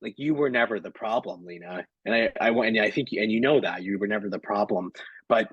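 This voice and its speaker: A man's voice: lowish voice, brisk, breathy edge, no echo, dull audio. A man hosting an interview, responding to his guest in a sympathetic, reassuring way. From Los Angeles. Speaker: interview host, project manager. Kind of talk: supportive interview chat.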